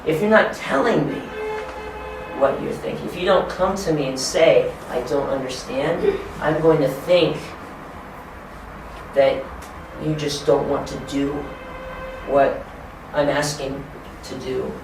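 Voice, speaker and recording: Lively American man in an echoey room. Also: fairly high pitch, slow, long pauses, background noise. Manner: animated, acts out quotes, laughs often. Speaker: ESL teacher trainer. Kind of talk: informal training talk. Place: training room. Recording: echoey room, mic far off.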